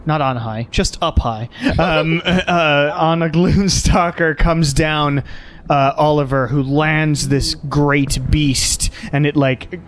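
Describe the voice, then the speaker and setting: A man's voice: on the high side, steady tone, slow, a little hiss or hum. Rambling man running a tabletop game. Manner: rambling, many fillers. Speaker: game master.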